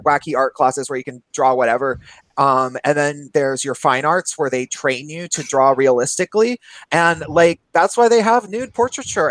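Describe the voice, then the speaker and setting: Higher-voiced man telling a rambling story. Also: dry recording, poor audio. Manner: rambling storyteller, laughs often, swears. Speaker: podcast co-host. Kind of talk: casual chat.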